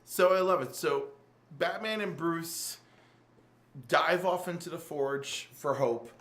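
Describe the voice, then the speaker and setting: A man hosting a casual podcast, excitedly recapping a comic storyline with lots of filler words. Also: fairly high pitch, slow. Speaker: podcast host reviewing comics. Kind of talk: casual chat. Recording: roomy echo.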